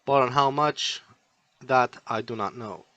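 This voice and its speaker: A male talking sword who explains in a blunt, matter-of-fact way, as a male reader puts it on. The voice sits mid-pitched. The sound is dry and close. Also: a little slow, bright, forceful tone, dry recording. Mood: explaining.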